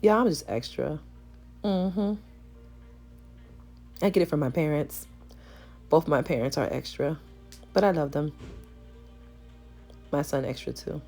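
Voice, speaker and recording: Lady hairstylist rambling to y'all, low raspy gravel voice, chill and playful. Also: measured pace, pauses often, dark tone, soft background music. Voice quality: gravelly morning voice. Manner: chatty, playful, talks to viewers as y'all. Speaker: hair stylist. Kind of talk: casual voice-over vlog chat. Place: salon suite.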